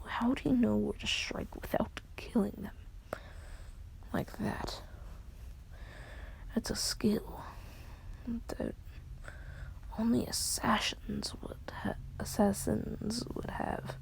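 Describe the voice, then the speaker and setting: A woman's voice: mid-range voice, fairly even intonation, slow, gravelly, pauses often, darkish tone. A woman retelling a fan story in a whispered role-play, with casual fillers and quoted lines.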